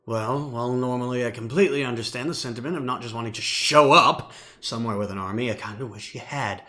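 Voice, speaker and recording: A man voicing a harried male commander who is shouting orders at workers repairing a city wall. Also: mid-range voice, fast talker, soft background music, close to an everyday voice. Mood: urgent.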